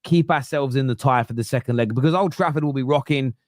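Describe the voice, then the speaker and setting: A man's voice: mid-range voice, fast, darkish tone, no room sound, studio quality. A man hosting a casual football podcast, talking bluntly and opinionatedly and swearing freely. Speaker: podcast host.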